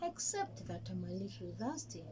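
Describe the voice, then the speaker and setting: A woman voicing a calm, stubborn mother hen in a children's story, speaking matter-of-factly. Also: medium pitch, normal speed, heavy background noise, close to an everyday voice.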